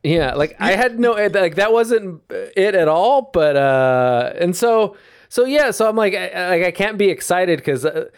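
A man's voice: high-pitched, animated, a little slow, smooth, no room sound, clean studio sound. Rambling, foul-mouthed man chatting. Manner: rambling, swears freely, many fillers. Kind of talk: casual podcast chat.

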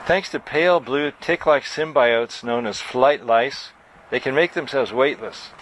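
A man reading his own novel aloud at a bookstore event, in a measured storytelling voice. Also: medium pitch, a little hiss or hum, poor audio.

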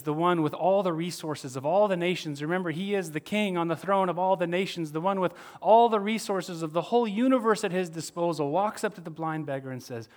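A male pastor with a voice on the high side preaches a sermon, putting questions to the audience. He shifts between soft asides and raised emphasis.

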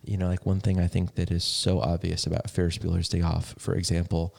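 A man's voice: deep voice, little pitch movement, brisk, vocal fry, darkish tone. A man co-hosting a casual movie podcast, an educator talking things through in a thoughtful, reflective way. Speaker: podcast co-host.

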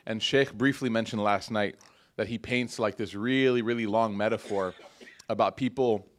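A man's voice: lowish voice, fairly even intonation, moderate pace. A man giving a casual religious lecture to a live audience in a mosque hall, talking conversationally with many fillers and restarts. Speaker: Islamic lecturer.

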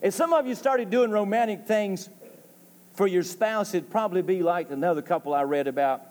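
A man's voice: high voice, moderate pace, darkish tone. A man preaching a sermon in a folksy, joke-telling way, building to emphatic calls for an amen. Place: church sanctuary. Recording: long reverb of a church hall.

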